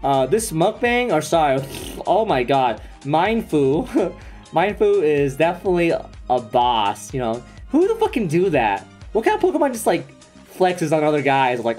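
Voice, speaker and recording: A young man live-streaming a card pack opening, chatting excitedly with viewers and swearing casually. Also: a little high, faint music behind. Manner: excitable, swearing, quick asides to chat. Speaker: streamer opening trading cards.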